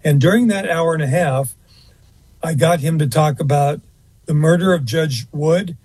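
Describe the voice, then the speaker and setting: A husky man tells a long story as an interview guest, rambling a little and filling pauses with uh and um. His voice sits a touch high for a man. The sound is close and dry. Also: a little mellow, no echo. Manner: rambling, fills pauses with uh and um, restarts. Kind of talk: anecdotal storytelling in conversation.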